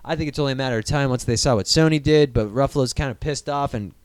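A man's voice: mid-range voice, fast talker, clean tone, no echo. A man hosting a casual podcast segment, swearing freely and rambling with animation. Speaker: podcast host.

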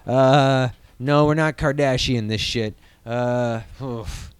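A man's voice: mid-range voice, slow pace, clear, resonant tone, dry recording. A man in his thirties from Iowa, hosting a casual podcast and ranting animatedly about movie news, swearing freely. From Iowa, USA. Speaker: podcast host.

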